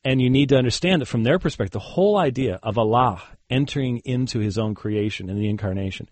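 A man's voice: mid-range voice, quick pace, darkish tone, dry recording. A man who is a guest on an interview, a Christian debater telling a story casually with many fillers and chuckled asides. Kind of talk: conversational interview.

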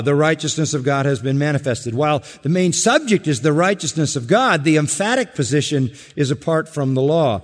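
A man preaching an expository sermon as pastor, driving points home by repeating them and swinging between loud emphasis and hushed asides. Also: fairly high pitch, animated, brisk, hardly any pauses. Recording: long hall reverb.

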